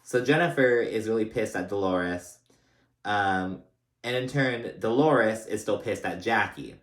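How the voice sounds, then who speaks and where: A man's voice: on the low side, a little slow. A man casually recapping a reality TV episode, chatty and rambling, full of fillers and restarts. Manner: animated when retelling funny scenes. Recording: roomy echoey room.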